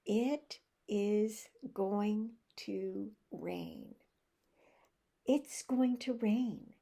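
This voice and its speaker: A middle-aged woman giving a recorded teacher-training presentation, speaking slowly and deliberately in a teacherly way. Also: mid-range voice, gravelly, a little mellow, breathy edge. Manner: slow, deliberate teacherly delivery with acted drill examples.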